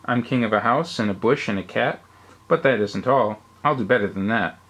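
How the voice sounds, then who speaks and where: A man's voice: medium pitch, moderate pace, fairly bright tone, husky. A man reading aloud and voicing a boastful, bossy male turtle king who bellows his orders. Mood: commanding. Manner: bellowing, proud and snappish.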